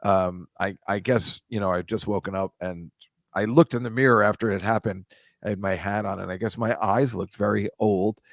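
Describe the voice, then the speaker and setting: A man's voice: on the low side, steady tone, normal speed, no room sound. Older new guy rambling, self-deprecating stories, dry close sound. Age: over 65. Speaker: podcast co-host. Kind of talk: casual chat.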